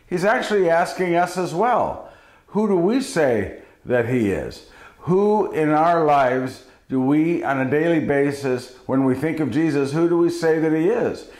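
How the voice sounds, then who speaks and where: A man gives a daily spiritual reflection in a folksy, conversational storytelling manner. His voice sits a little high for a man. The recording has a roomy echo. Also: expressive, normal speed. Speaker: preacher.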